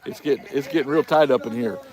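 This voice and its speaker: A man's voice: medium pitch, fast talker, a little mellow. A man hosting a casual livestream, telling folksy stories and laughing often. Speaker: livestream host. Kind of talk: casual chat reading live chat.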